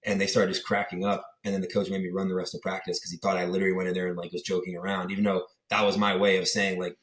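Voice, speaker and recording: This young man from the Pittsburgh area, USA, talks rapid-fire in a low, level, slightly bright voice, and the room is echoey. As a guest on a podcast, he wanders through casual stories, leaning on fillers and mimicking the people he quotes.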